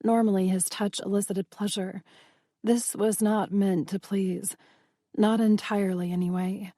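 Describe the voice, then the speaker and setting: A woman narrating a first-person audiobook in a slow, intimate way. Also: mid-range voice, level tone, dark tone, dry recording, clean studio sound.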